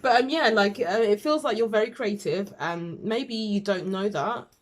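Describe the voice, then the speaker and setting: A chatty woman with a medium-pitched voice at normal speed does a casual tarot reading to camera. She rambles, pokes fun at herself, and fills her talk with fillers and laughter.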